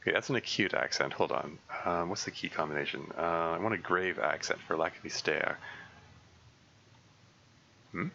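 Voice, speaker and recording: A man streaming a survival game, talking through his plans in a halting way full of fillers and restarts. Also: sits low, creaky, sharp tone, dull audio, slight background noise. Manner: halting, thinking aloud with many fillers and restarts. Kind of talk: casual live gameplay commentary.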